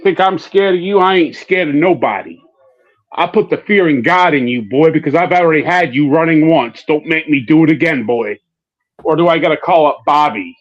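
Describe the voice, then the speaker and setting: A man fires off profane taunts and threats in a somewhat high voice. His audio is dull and lo-fi, like a cheap stream mic. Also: lively intonation, moderate pace. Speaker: co-host. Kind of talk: heated trash talk on a livestream.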